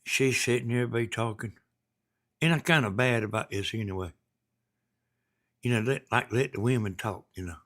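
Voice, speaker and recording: A man's voice: medium pitch, moderate pace, long pauses, a bit bright. Folksy Southern man chatting on a live stream. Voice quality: folksy, rambling, chuckling. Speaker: live stream host reading viewer messages. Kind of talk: casual live stream chat.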